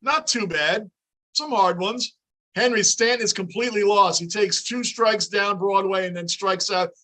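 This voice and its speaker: A man's voice: high voice, moderate pace, pushed and bright. A middle-aged man hosting a fan livestream, chatting casually and reading viewer comments aloud as he reacts to the game. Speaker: livestream host.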